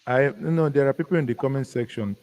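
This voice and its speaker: A man from Nigeria with a Nigerian accent, chatting as a guest commentator in a casual live discussion, musing and halting with many restarts. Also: mid-range voice, a little mellow, rough recording. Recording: faint background noise.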